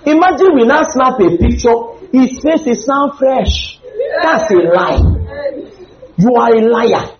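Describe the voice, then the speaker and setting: A man preaching a humorous, animated sermon with sudden loud outbursts. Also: very high voice, a little slow, reverberant, dull audio.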